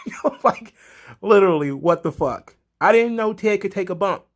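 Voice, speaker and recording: A man giving a casual recap of a wrestling show, excitable, chuckling, swearing freely. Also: high voice, moderate pace.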